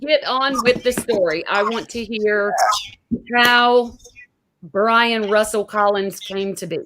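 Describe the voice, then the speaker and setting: A woman hosts an interview show and chats upbeat and eager with her guest. She talks over a video call at a middle pitch for a woman, with a faint hiss behind her voice. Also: takes it slowly. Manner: upbeat, enthusiastic, chatty. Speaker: show host. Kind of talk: casual interview chat.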